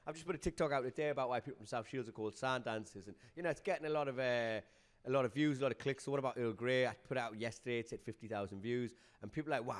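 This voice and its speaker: A young man talks fast and animatedly on a comedy podcast, tumbling from one gig story to the next. He swears freely and keeps an easy, mid-pitched voice. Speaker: guest comedian. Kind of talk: casual podcast chat.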